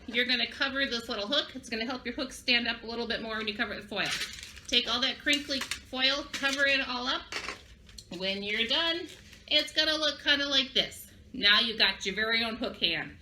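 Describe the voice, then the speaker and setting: A woman's voice: on the high side, moderate pace, noisy background. A woman leading a children's lesson in an upbeat, sing-song way, asking young listeners to repeat words after her. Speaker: children's library presenter. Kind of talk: children's craft and vocabulary lesson.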